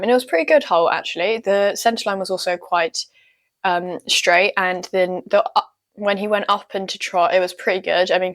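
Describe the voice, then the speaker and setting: A young woman casually recounting her first dressage test, chatty and self-deprecating, with many ums and likes. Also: mid-range voice. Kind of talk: casual storytelling vlog.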